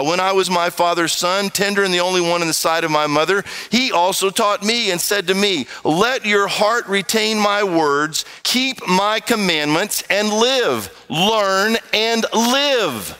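Bright-voiced man preaching. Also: clear, resonant tone. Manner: dynamic, swings pitch widely, acts out voices and sounds. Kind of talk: sermon.

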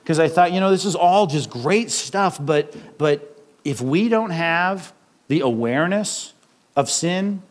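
A man's voice: a little high, expressive, unhurried. A middle-aged man, a pastor with kids, preaching a conversational sermon full of rhetorical questions.

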